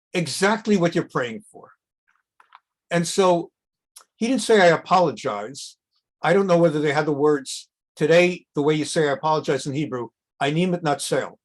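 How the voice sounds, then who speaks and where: A middle-aged man, a rabbi, teaching a conversational class on a Bible text, reading Hebrew passages and translating them with asides, jumping up in pitch when he acts out quotes. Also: moderate pace. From America. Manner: animated, jumps up in pitch when acting out quotes.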